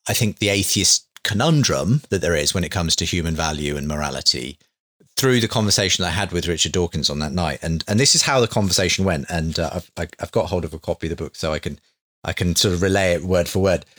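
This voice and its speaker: A man's voice: low-pitched, fast, fairly bright tone, no echo, clean studio sound. A man who hosts a faith debate show, telling an anecdote earnestly in a hedging, conversational way with many fillers.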